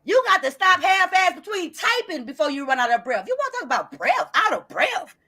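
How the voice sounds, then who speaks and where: A woman's voice: extremely high pitch, very animated, brisk, pushed and bright. Brash, foul-mouthed woman ranting. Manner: brash, profane, confrontational. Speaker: livestream host. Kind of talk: heated live-stream rant reading chat.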